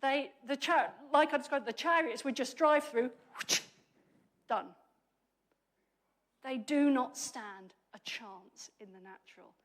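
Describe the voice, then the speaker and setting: A woman delivering a sermon with a high-pitched voice. Her talk is lively and conversational, laced with humor, and she often breaks off mid-phrase to restart and correct herself. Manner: lively, chatty and humorous, with quick self-corrections. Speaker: preacher.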